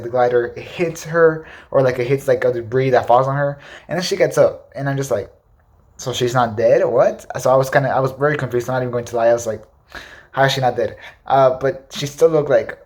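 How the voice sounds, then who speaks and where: Fast-talking excitable young man. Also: mid-range voice. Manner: excitable, repetitive gushing with many fillers. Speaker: movie reviewer. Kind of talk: casual ranking commentary.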